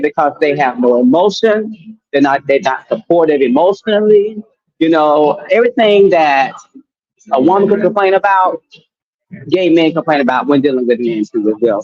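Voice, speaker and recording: A man on a talk panel, blunt and quick to cut in with his view. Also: a little high, expressive, a little mellow, no room sound, dull audio. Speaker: panel guest.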